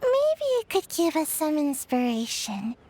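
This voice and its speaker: A drowsy little ninja girl from a video game, with a very high voice and a slow, sleepy way of speaking. She sounds unhurried and easygoing. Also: huge pitch swings, darkish tone, full character voice. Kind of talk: game voice acting.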